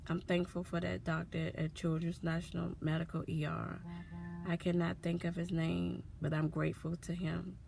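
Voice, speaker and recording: Mom vlogging about her kid, low gravelly voice, earnest and repetitive. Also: a little mellow, a little hiss or hum. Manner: earnest, repetitive, emotional retelling. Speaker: mother telling her son's story. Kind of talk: personal vlog storytelling.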